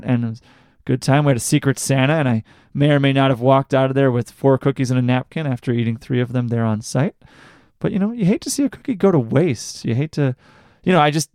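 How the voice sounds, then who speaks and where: A man's voice: a little high, smooth, dry recording, studio quality. Rambling podcast host, man. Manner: rambling and self-deprecating, lots of fillers. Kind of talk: casual chat.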